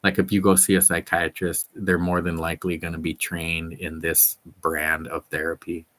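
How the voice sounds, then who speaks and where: A middle-aged man with a very low voice talks casually and eagerly to his viewers. He rambles, stacks fillers and restarts his sentences, but keeps an easy, upbeat flow. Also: completely flat delivery, normal speed, a bit bright. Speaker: fitness vlogger. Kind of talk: casual chat to camera.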